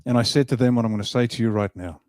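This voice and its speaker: Brief: man, motivational speaker, mellow tone, dry close sound, emphatic with jokes. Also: medium pitch, very fast, no room sound. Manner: emphatic, animated, jokes with the crowd. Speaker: party leader giving a speech. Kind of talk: motivational public speech. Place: event hall.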